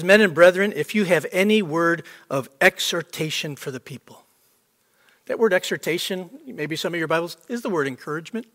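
A man's voice: fairly high pitch, fairly bright tone. A man preaching a sermon to a congregation, emphatic and repetitive for stress. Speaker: pastor. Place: church sanctuary. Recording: long hall reverb.

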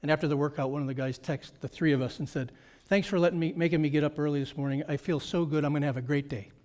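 Pastor, man in middle age, bright high voice, preaching with punchy repeated phrases. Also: steady tone, fast talker. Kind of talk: sermon.

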